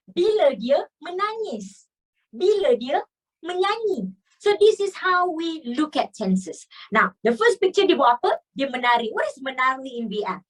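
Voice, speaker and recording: Malaysian woman, grammar teacher, high bouncy voice, a little off-mic. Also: a bit bright, recorded from a distance, rough recording. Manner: chatty, coaxing, stretches key words. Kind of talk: grammar lesson mixing English and Malay.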